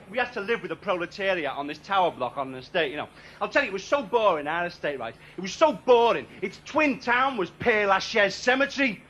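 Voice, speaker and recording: A man performing a sardonic stand-up routine. His voice sits very high and rings sharp and bright. He rants more than he chats. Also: muffled recording, a little hiss or hum. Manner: sardonic ranting delivery. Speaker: stand-up comedian.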